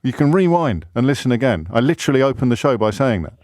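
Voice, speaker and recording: A man's voice: medium pitch, sing-song, fast, darkish tone, no room sound. A man hosting a radio phone-in, pressing a caller with pointed, repeated questions from a studio microphone.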